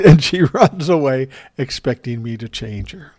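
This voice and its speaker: A man's voice: medium pitch, measured pace, a little mellow. An older man with a mid-range voice telling stories on his show in a loose, casual way. He is wry and self-mocking and swears freely. The sound is dry and close, with no room echo. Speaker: host. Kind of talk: casual storytelling monologue.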